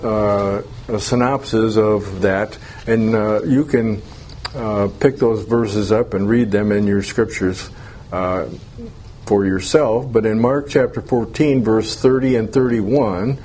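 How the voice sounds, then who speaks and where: A man's voice: on the low side, slow, darkish tone. A man teaching an informal Bible class, conversational, putting questions to the group and chuckling now and then.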